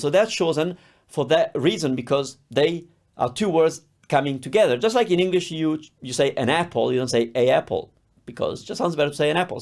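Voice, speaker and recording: A man's voice: fairly high pitch, darkish tone. A man teaching a grammar lesson in a conversational, explanatory way. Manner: explanatory, conversational, with many examples. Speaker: language teacher. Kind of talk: online language lesson.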